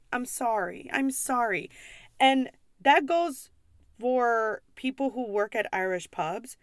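A young woman from the United States who works as a pub server, ranting in a casual vlog with blunt swearing and quick apologies. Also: fairly high pitch, expressive, no room sound, clean studio sound.

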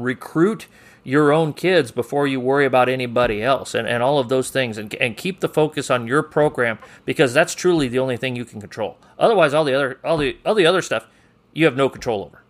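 A man's voice: medium pitch, fairly quick. A man hosting a coaching podcast in an easygoing, chatty way, teasing his guest and reading out a quote of the day. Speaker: podcast host. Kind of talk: casual podcast interview.

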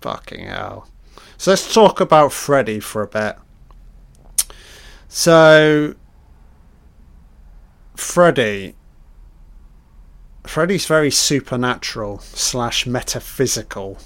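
A man's voice: mid-range voice, lively intonation, takes it slowly, creaky, pauses often. A man giving a casual, sweary, jokey film commentary, often acting out the characters' lines in a put-on voice.

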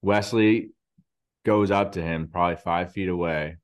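Lower-voiced dad telling a story. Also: male voice, steady tone, measured pace. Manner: storytelling, lots of likes. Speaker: podcast co-host. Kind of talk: casual chat.

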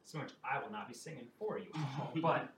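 A man's voice: mid-range voice, a little fast, over music. A man narrating as game master in a tabletop game, telling the story with casual asides. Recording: roomy, distant mic, loud background ambience.

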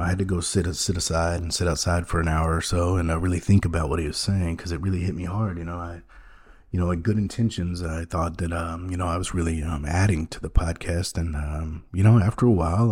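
A man hosting a podcast in a rambling, mock-earnest monologue, halting often with ums and restarts. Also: low-pitched, darkish tone. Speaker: podcast host.

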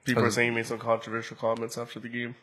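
A man's voice: medium pitch, monotone, very fast, a bit bright. A man co-hosting a casual podcast who tells stories and retells quotes. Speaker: podcast co-host. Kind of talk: casual chat.

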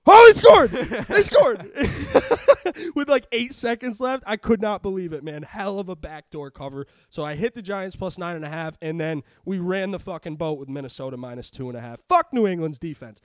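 Male podcast host, high voice, profane and animated, dry booth. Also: brisk, hardly any pauses, dry recording. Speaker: sports betting podcast host. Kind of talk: casual chat.

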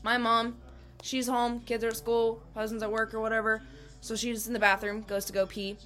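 A woman's voice: a little high, little pitch movement, normal speed, fairly bright tone, faint music behind. A woman co-hosting a podcast, telling stories in a blunt, profane, laughing chat. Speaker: podcast co-host. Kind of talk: casual chat.

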